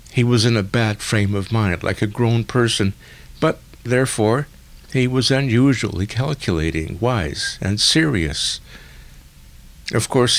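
A man narrating a literary story in a measured, deliberate way. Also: fairly low pitch, a bit bright. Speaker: audiobook narrator.

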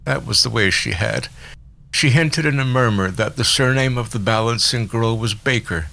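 A man narrating a literary novel in a measured, expressive reading. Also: medium pitch, vocal fry. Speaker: audiobook narrator.

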